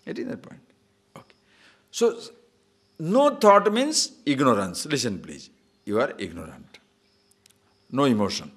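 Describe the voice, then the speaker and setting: A man leads a spiritual discourse as a swami, his voice swinging widely up and down as he teases listeners with quick rhetorical questions. He chants short scripture verses slowly between points, at a middle pitch. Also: husky. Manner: lively, teasing rhetorical questions. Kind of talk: spiritual discourse to a live audience.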